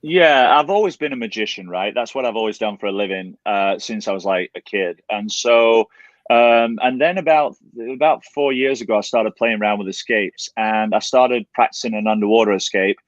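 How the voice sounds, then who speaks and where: A man in his forties from England with a Yorkshire-born English accent softened by a slight Canadian twang, telling stories as a guest in a casual livestream chat. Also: lowish voice, normal speed, no room sound, highs cut off. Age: 40s. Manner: chatty, animated storyteller with many restarts.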